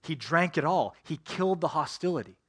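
Мужчина-пастор, довольно высокий голос. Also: male voice, fairly high pitch, expressive, a little fast, a bit bright, slightly rough. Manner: earnest, addresses congregation directly. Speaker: pastor. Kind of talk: sermon.

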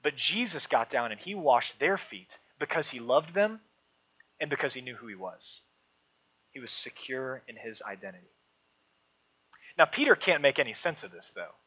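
A man preaching a sermon to a congregation, emphatic and rising, then dropping into soft low asides. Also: expressive, moderate pace, pauses often, breathy edge. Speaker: pastor. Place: church. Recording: dull lo-fi sound.

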